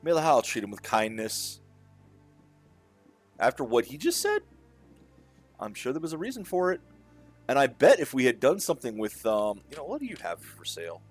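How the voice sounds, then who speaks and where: A young man reads a game's dialogue aloud, switching voices for each character. His pitch swings widely from line to line. Soft game music plays underneath. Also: huge pitch swings. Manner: does quick voices for each character, swears. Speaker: let's play gamer. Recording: faint game music behind.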